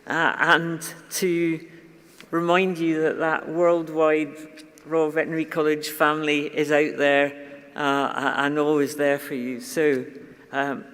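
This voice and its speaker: A man's voice: fairly high pitch, fairly bright tone. A man giving the closing remarks at a graduation ceremony, with small fillers between his phrases. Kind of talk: ceremony speech. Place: large ceremony hall. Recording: echoey large hall.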